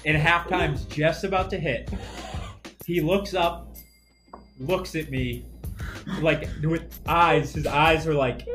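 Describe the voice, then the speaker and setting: A man's voice: a little high, steady tone, slow, long pauses, a bit bright, soft background music. A young man co-hosting a podcast, telling a funny story in casual chat and laughing often. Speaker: podcast co-host.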